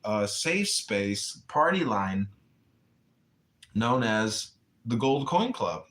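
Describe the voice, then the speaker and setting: Male livestream host, crude rambling monologue, animated intonation. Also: fairly low pitch, very slow. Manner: crude, meandering anecdotes.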